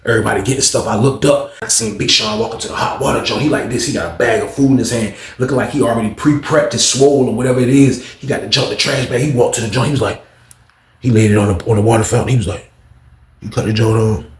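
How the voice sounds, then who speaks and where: A man telling a story casually, animated and slangy, acting out the people in it. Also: medium pitch, quick pace. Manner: animated, slangy, voices characters. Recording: roomy echo.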